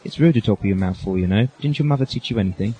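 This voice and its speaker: A man playing a fast-talking, courteous time-traveling doctor. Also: fairly low pitch, lively intonation, mellow, husky, poor audio. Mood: polite. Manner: chatty, genteel, fussy British politeness. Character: eccentric polite male time-traveling doctor. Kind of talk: amateur audio drama.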